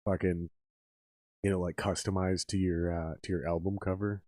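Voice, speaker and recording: A man's voice: low-pitched, normal speed, no room sound, clean studio sound. A young man hosting a podcast, chatting casually with lots of swearing and calling his guest dude. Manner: animated, heavy swearing, calls guests dude. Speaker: podcast host. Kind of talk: casual chat.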